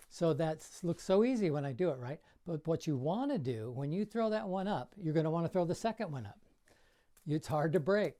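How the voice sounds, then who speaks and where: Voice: mid-range voice, expressive, fairly quick, dark tone. An older juggling coach giving a casual tutorial in a bedroom, counting throws aloud as he demonstrates and coaching in plain, encouraging words.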